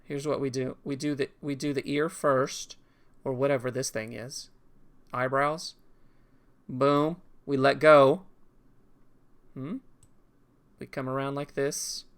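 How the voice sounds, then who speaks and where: A man's voice: mid-range voice, little pitch movement, slow pace, pauses often, smooth. A man streaming a video game in casual commentary, rambling and talking to himself as he goes. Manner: rambling, talks to himself while drawing.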